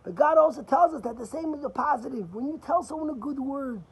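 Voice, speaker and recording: A man's voice: very high-pitched, quick pace, gravelly, a little mellow, low-quality recording. A man giving a sermon as a rabbi, repeating key phrases for emphasis in an earnest teaching manner.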